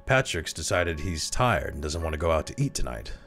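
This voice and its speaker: A man reading a story aloud, voicing a young pregnant wife in a bright, rehearsed, sweet manner. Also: rumbling low, very animated, fairly quick, vocal fry, faint music behind, full character voice.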